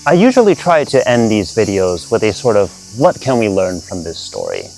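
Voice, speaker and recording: Deep-voiced deadpan woman narrator. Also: moderate pace, faint music behind. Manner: wry, deadpan storytelling. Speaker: channel host. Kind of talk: scripted comedic narration.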